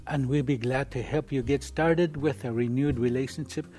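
A man's voice: medium pitch, steady tone, normal speed, mellow. A man hosting a Christian broadcast, thanking guests and inviting viewers to turn to faith in an earnest way. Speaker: host.

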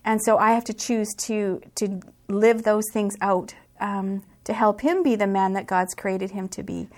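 A middle-aged woman sharing a personal testimony about her marriage and faith, in a reflective, sincere way with frequent pauses. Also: medium pitch, fairly even intonation. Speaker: guest.

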